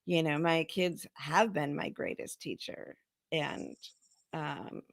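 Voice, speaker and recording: A woman's voice: sits low, slow, vocal fry. A woman hosting a casual talk show, speaking reflectively and laughing often, over a video call. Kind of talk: casual chat.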